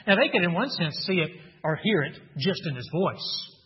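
A man's voice: sits high, expressive, normal speed. Man preaching in a reverberant hall. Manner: earnest teaching tone with rhetorical questions and scripture reading. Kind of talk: sermon. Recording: dull sound with long hall reverb.

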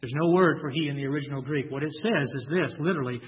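A man preaching a sermon, emphatic and deliberate, slowing down and stressing key lines, sometimes repeating words as he restarts. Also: a little high. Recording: dull lo-fi recording.

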